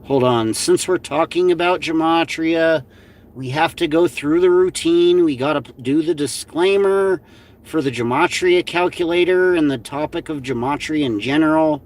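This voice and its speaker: A man's voice: on the high side, normal speed. A man co-hosting a livestream, talking casually and exasperatedly, swearing constantly and filling his talk with "like". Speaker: livestream co-host. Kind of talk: casual profane commentary.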